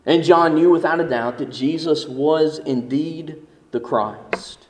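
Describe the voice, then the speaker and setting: A man preaching a sermon, reading scripture and explaining it in an earnest, emphatic way, slowing down on key verses. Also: on the high side, slight background noise. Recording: echoey hall with long reverb.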